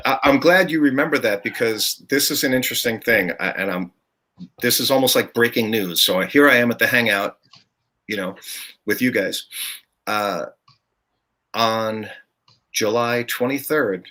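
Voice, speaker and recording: A man's voice: mid-range voice, unhurried, pauses often, sharp tone. An older man, a guest musician, telling stories in a casual podcast chat and laughing often. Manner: chatty, storytelling, laughs often.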